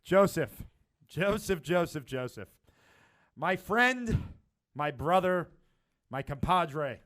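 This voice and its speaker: A man's voice: a little high, animated, slow, fairly bright tone. A man co-hosting a podcast, giving mock-serious advice in a teasing, lecturing way. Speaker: podcast co-host. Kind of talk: casual podcast banter.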